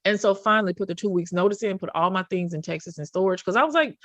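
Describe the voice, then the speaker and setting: A woman hosting a podcast, chatting casually and telling a story with lively voiced quotes. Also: medium pitch, a little fast, no room sound. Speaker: podcast host. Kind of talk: casual chat.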